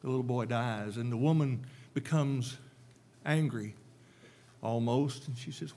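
A man's voice: medium pitch, measured pace, mellow. A man preaching a sermon, emphatic and repetitive, with rhetorical questions to the congregation.

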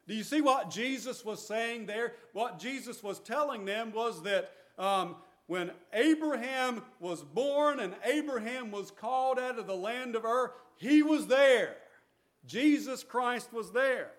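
A man's voice: extremely high pitch, measured pace, few pauses, fairly bright tone. A man preaching a sermon, reading scripture aloud and explaining it with earnest restarts. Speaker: pastor.

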